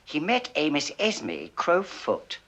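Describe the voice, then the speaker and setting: An actor playing a sly private detective in a 1970s British film comedy, hushed and confiding. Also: male voice, fairly high pitch, wildly swooping pitch, takes it slowly, lo-fi sound, exaggerated voice. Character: sly, low-voiced private snoop.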